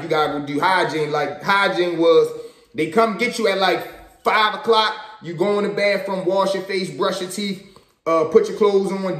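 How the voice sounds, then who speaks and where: A young man from Baltimore with a Baltimore accent, casually telling a story in slangy, animated talk with swearing. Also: high-pitched, roomy sound. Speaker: storyteller vlogger.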